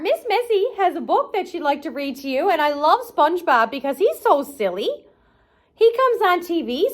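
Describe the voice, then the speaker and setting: Hosting a children's arts and crafts show, a woman with a very high-pitched voice reads a storybook aloud in a playful, sing-song style. She speaks directly to the kids.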